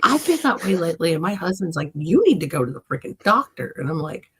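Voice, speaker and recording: A woman chatting casually on a livestream, a giggly, lively storyteller with a husky voice. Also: fairly low pitch, fast. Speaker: co-host. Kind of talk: casual chat.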